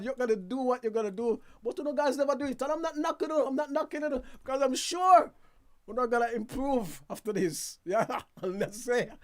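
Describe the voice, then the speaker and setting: A man hosting a casual news roundup from a studio, chatty and quick to laugh at himself, with asides to his viewers. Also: extremely high pitch. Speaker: news show host.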